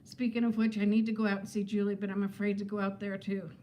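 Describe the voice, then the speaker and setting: A woman's voice: mid-range voice, little pitch movement, fast talker, warm tone, a little hiss or hum. A woman in her fifties who is a weight-loss vlogger, chatting casually with viewers on a livestream in a rambling way and laughing often. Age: 50s.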